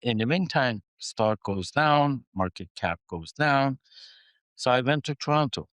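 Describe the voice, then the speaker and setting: A man's voice: mid-range voice, a little slow, no room sound. A man, a mining company's chief executive, telling stories in a podcast interview, acting out the dialogue and using non-native phrasing. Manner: animated storyteller who acts out dialogue.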